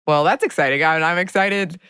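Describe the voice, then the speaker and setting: Very low-voiced enthusiastic woman host. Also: fairly quick, smooth, dry recording, studio quality. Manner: enthusiastic, warm interjections. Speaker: podcast host. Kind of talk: casual podcast chat.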